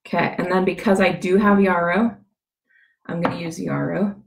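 A woman with a scratchy, gravelly voice, giving a chatty how-to demonstration, rambling with many fillers and restarts. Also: on the low side, steady tone, normal speed, roomy sound. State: scratchy voice from a cough. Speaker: essential oil demonstrator.

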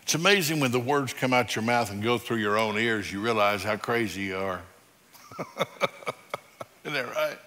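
A male pastor preaching a sermon, emphatic and direct, moving between loud declarations and quiet, low passages. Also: moderate pace, pauses often, long reverb tail. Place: church sanctuary.

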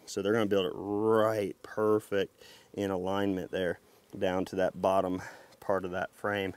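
A man vlogging outdoors as he works a beehive, talking to the camera in an excited, folksy way. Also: deep voice, measured pace, clean tone. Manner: excited, folksy, talks to camera while handling hives. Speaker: beekeeper vlogger. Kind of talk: casual outdoor narration while working. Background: buzzing bees.

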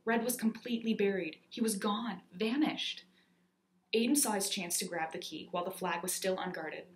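A woman's voice: medium pitch, moderate pace, echoey room. Woman reading a children's story aloud. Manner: expressive, lively storytelling. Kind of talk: storybook narration.

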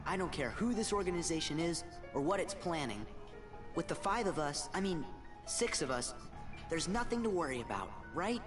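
An easygoing young hero. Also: male voice, fairly high pitch, big pitch swings, normal speed. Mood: upbeat. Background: game music.

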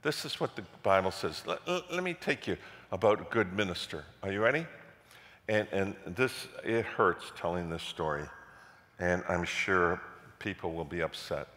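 A man preaching as a pastor, telling a story with repeated words and loud passionate peaks. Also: sits low, expressive, moderate pace. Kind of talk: sermon storytelling. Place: church sanctuary. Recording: echoey church hall.

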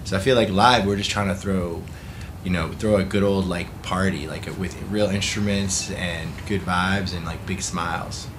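A man being interviewed as a band guest, animated and rambling, restarting his sentences. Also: deep voice, normal speed, noisy background. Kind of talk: casual interview chat.

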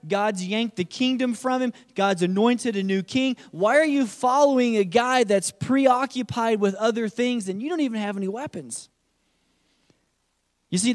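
High-voiced male pastor preaching in a hall. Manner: preaching, voicing the taunts of a giant. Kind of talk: sermon.

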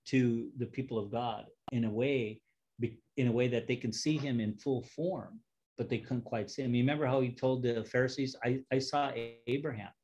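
A man's voice: medium pitch, a little mellow, lo-fi sound. A man teaching a Bible study, reading scripture aloud and stopping to joke and explain it in a casual way.

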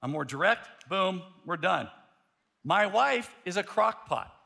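A male pastor preaching a sermon, telling a story in an animated way, often restarting his sentences. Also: high voice, slow pace, gravelly.

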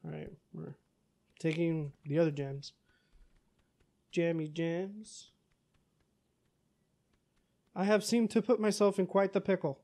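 A man giving casual let's-play commentary, talking back to the game's characters, cursing and breaking into yells. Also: on the high side, takes it slowly, creaky, pauses often. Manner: excitable, curses, talks back to game characters, yells in bursts. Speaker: gaming YouTuber.

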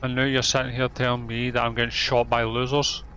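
Frustrated male gamer, ranting and cursing mid-match, ordinary-pitched voice, gunfire faintly behind. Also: flat delivery, brisk, bright, forceful tone, a little hiss or hum. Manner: angry, swearing, ranting. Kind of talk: gameplay commentary.

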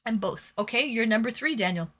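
Bright-voiced woman streamer chatting. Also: on the high side, expressive, fairly quick. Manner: chatty, reads and answers viewer chat aloud. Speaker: live-stream host. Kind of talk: casual live-stream chat.

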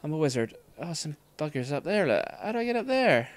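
A man's voice: a little high, big pitch swings, brisk, hardly any pauses. A man livestreaming gameplay commentary, frustrated and swearing through exasperated outbursts. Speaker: let's play streamer.

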